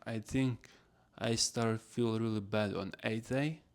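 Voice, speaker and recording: A man's voice: fairly low pitch, steady tone, slow. A man hosting a casual solo podcast, rambling in non-native English phrasing. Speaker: podcast host.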